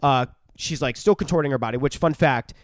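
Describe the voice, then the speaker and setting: A man's voice: mid-range voice, fairly quick, dry recording. A man co-hosting a podcast, casually recapping a film in a profane, rambling way. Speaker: podcast co-host. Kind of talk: casual film review chat.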